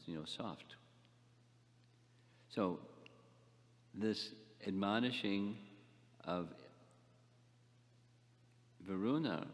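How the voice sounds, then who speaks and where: An older man giving a scripture class lecture, speaking haltingly, repeating words and asking the class questions. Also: deep voice, in a large hall. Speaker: spiritual teacher.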